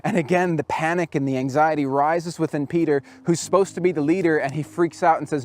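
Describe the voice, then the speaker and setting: A man preaching to young people as a camp speaker, telling the story with lively acted-out quotes. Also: fairly high pitch, brisk, hardly any pauses. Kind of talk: storytelling sermon to youth.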